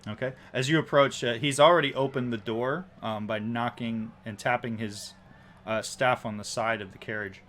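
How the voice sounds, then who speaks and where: A man narrating a tabletop game as game master, halting often with ums and restarts. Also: medium pitch, fairly even intonation, fairly bright tone, slight background noise.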